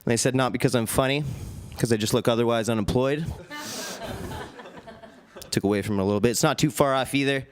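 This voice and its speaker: A young man with a mid-pitched, ordinary voice does stand-up in a comedy club. His delivery is dry and deadpan, spoken into a handheld stage mic. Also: fairly quick, pauses often.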